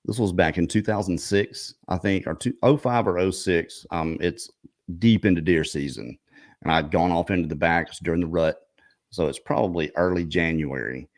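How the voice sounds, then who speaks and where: A man with a remarkably deep, low-pitched voice tells a story in relaxed conversation. He rambles, restarts his sentences and clears his throat often as he goes. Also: moderate pace. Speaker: show host and researcher. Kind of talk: casual storytelling chat.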